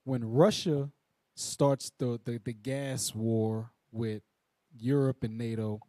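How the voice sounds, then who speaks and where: A man adding commentary in a preaching Bible lesson, animated and slangy. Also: mid-range voice, slow pace, dry recording.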